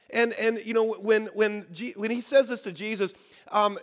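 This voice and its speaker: Speaking at a moderate pace, this high-voiced pastor fills a large hall with his sermon. He performs the voices of those he quotes as he tells his stories, and he urges the congregation to respond.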